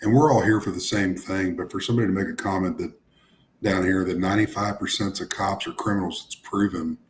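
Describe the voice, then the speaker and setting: Low-voiced man ranting on a soapbox. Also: fairly even intonation, a little fast, a little hiss or hum. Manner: ranting, profane, apologetic asides. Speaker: co-host. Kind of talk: casual livestream chat.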